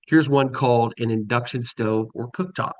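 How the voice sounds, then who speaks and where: A man's voice: mid-range voice, moderate pace, no room sound. A middle-aged man giving a casual conference talk from slides, with many ums and restarts. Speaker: conference presenter.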